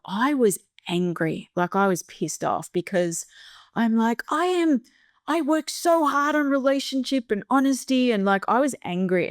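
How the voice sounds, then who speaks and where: A middle-aged Australian woman hosting a podcast, telling a story in a casual, animated way, often laughing and acting out the voices of the people she quotes. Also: lowish voice, no room sound, studio quality. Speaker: podcast host.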